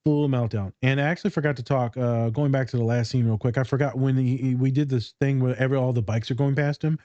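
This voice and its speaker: A man's voice: medium pitch, fairly even intonation, quick pace, dark tone, no room sound, lo-fi sound. A man who works as a therapist, hosting a podcast in joking, profane casual chat. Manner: joking, profane, laughs easily.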